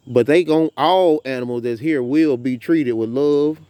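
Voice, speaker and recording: A Southern US man in his thirties talks casually and animatedly to camera about his farm, filmed outdoors, in a preachy storytelling style. As a farm vlogger, he speaks at medium pitch and a measured pace. His tone is clean and the recording is dry.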